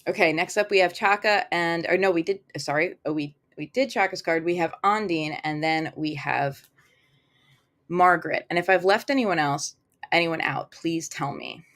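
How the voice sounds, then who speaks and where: A woman's voice: lowish voice, moderate pace, fairly bright tone. A woman reading tarot cards on a live stream, chatting casually with fillers and acting out little quoted thoughts.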